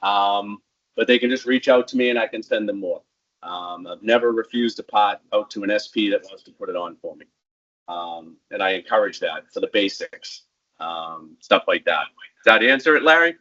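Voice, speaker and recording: A man's voice: fairly low pitch, normal speed, sharp tone, lo-fi sound. Casual man giving equipment training. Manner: casual, rambling, frequent ums.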